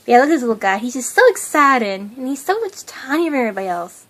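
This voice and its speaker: Young woman fan host, chatty and gushing, slightly high voice. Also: sing-song, quick pace, a bit bright. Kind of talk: casual cartoon commentary.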